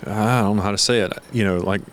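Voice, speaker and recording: A middle-aged man hosting a podcast, talking in a gentle, hesitant way as he searches for words. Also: lowish voice, fairly even intonation, fast, slight background noise. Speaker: podcast host. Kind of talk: casual interview conversation.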